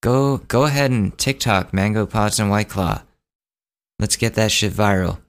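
A young man in his twenties talks loosely on his own podcast. His voice sits low, and he rambles through a story, correcting himself as he goes. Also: measured pace. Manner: rambling, self-correcting, acts out quotes. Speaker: podcast host. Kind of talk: casual solo podcast storytelling.

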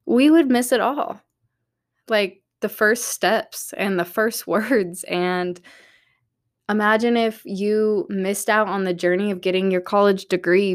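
A woman hosting a podcast, talking candidly and upbeat, encouraging her listeners from her office at night. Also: medium pitch. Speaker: podcast host. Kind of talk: motivational solo podcast talk.

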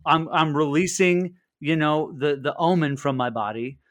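Animated young man telling crude stories. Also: a little high, normal speed, no room sound. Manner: animated, crude storytelling with frequent restarts. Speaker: podcast co-host. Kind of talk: casual storytelling chat.

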